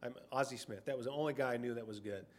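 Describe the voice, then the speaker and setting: A man's voice: medium pitch, rapid-fire. A middle-aged man preaching a sermon in a conversational way, sometimes acting out short quoted voices.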